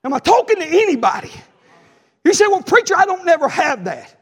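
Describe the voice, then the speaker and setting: A man, preaching an impassioned sermon and telling a personal story, shouting at the peaks. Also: very high voice, big pitch swings, a little fast.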